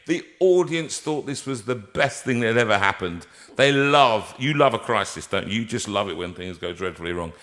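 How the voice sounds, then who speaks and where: A man's voice: lowish voice, moderate pace, hardly any pauses. A man hosting a live stream from a music room, telling a stage anecdote and acting out the voices he quotes. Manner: animated, acts out quoted voices. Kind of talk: anecdotal storytelling.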